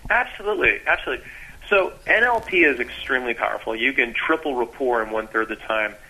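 A man's voice: mid-range voice, fast talker, poor audio. A man, a sales trainer, explaining with energy as a radio guest and acting out bits of sales talk. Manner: animated, acts out sales dialogues.

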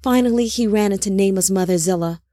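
A woman reading a dark fantasy audio drama as narrator, in a slow and deliberate scripted delivery. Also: mid-range voice, dry recording, studio quality.

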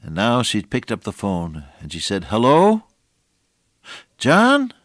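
An older man preaching a sermon, moving between hushed storytelling and raised, emphatic exhortation with slow, deliberate phrasing. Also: sits low, no room sound, clean studio sound.

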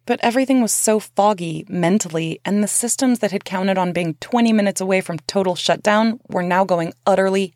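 A woman's voice: medium pitch, darkish tone, dry recording, studio quality. A woman reading her memoir aloud as narrator, in a candid, conversational way with casual swearing.

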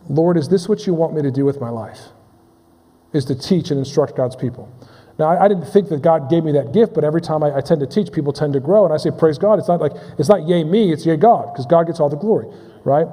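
A man preaches as pastor in a dark-toned voice that sits on the high side. He halts, restarts phrases, repeats words and questions his congregation, recorded with the long reverb of a large hall.

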